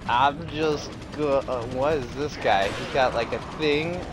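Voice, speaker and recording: A sleep-deprived man giving excitable let's play commentary, prone to sudden exclamations. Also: medium pitch, measured pace, background noise. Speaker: gameplay commentator.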